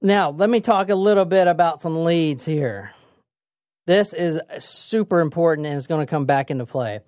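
A young adult woman hosting a casual true crime podcast, telling the story in a lively, chatty way with swearing and acted-out quotes. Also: sits low, moderate pace, no echo, clean studio sound. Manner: lively, swearing, laughs often, acts out quotes. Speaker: podcast host.

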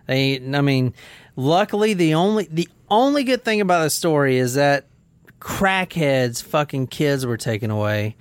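A man's voice: on the high side, moderate pace, smooth, no room sound. Blunt, swearing male podcast host. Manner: blunt, profane, animated. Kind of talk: casual true-crime storytelling.

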